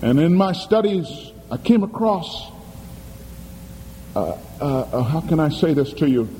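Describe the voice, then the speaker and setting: A male preacher delivers a sermon with sweeping, lively pitch, swinging from high bursts to low, weighty phrases. His tone is mellow and dark, and he tells his story dramatically, firing questions at the congregation. A long church reverb trails every phrase, with a faint ambient hum beneath. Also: moderate pace. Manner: emphatic, dramatic storytelling with call-and-response questions. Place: church sanctuary.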